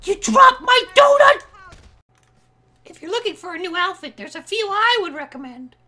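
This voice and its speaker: A shrill, sky-high voice for a manic man in a hazmat suit, put on by a gameplay video maker. He chatters about himself in the third person, flipping from giddy cheer to sudden outrage. The tone is bright and cutting, a comic game role-play. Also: expressive, fast, exaggerated voice. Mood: goofy. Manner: refers to himself in third person, erratic swings between glee and rage. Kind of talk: comedic role-play over online gameplay.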